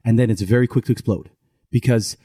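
A man's voice: mid-range voice, fairly even intonation, brisk, warm tone, slightly rough, dry recording, clean studio sound. A man co-hosting a podcast, chatting casually and rambling through stories with frequent self-corrections. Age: middle-aged. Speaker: podcast co-host. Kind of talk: casual chat.

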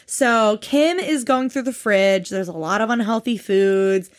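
A woman's voice: mid-range voice, unhurried. A woman co-hosting a podcast, recapping a TV episode in casual chat, exasperated and swearing often. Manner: exasperated, swears a lot, animated. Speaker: podcast co-host.

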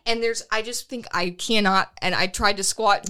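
A young woman telling a race story in casual podcast chat, animated, laughing often and swearing freely. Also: mid-range voice, moderate pace, clean tone. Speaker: podcast co-host.

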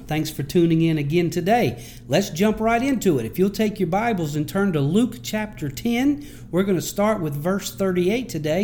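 A man's voice: a little high, dark tone, slight background noise. A man, a pastor, giving a conversational sermon and telling stories with frequent restarts.

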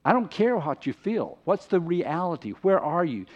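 Guy preaching a sermon, kinda high voice, punchy and repeats stuff, dull muffled audio. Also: sing-song, moderate pace, darkish tone. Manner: emphatic, conversational preaching with repeated phrases. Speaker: pastor. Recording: muffled lo-fi recording.

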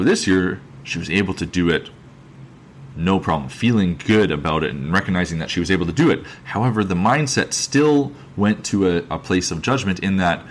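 A man hosting a podcast who talks alone in an earnest, thoughtful way. He often repeats phrases, restarts his sentences and slows down to stress a point. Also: low-pitched, slight background noise. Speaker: podcast host, fitness coach. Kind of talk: reflective solo podcast monologue.

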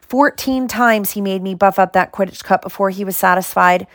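A woman's voice: mid-range voice, moderate pace, no echo, natural voice. A woman voicing a glum teenage boy wizard with a grumbling, plain-spoken manner, in a storybook reading. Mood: puzzled.

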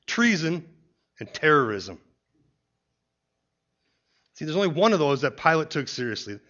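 A man's voice: fairly high pitch, fairly bright tone. A man giving an expository Bible teaching who explains points step by step and often starts a point with "see". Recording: dull lo-fi recording.

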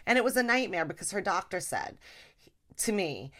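Animated comedic woman. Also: moderate pace. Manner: animated, mimics her mother in a high voice. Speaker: podcast host. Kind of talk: casual comedic rant.

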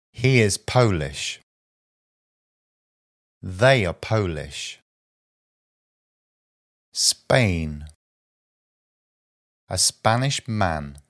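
A man reading a vocabulary list aloud as a teacher, slow and deliberate, pausing after each short phrase. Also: on the low side, fairly bright tone.

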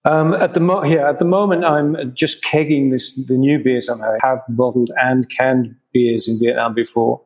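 A man's voice: medium pitch, steady tone, moderate pace, hardly any pauses, low-quality recording. A man in an interview, a craft brewer answering questions with many restarts and fillers.

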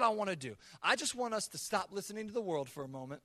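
A man's voice: high-pitched, sing-song, fast, few pauses, bright, forceful tone, dry recording, studio quality. A man preaching a sermon as the pastor, earnest, often repeating words as he builds a point. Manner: acts out God's voice in quoted asides.

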